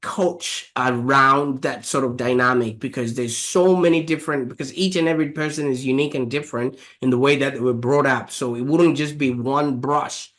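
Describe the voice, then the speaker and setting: Man, show host; mid pitch, loose rambling question style, heavy on fillers. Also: normal speed, few pauses, fairly bright tone. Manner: rambling, many fillers and restarts. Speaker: podcast host. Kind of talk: interview questions.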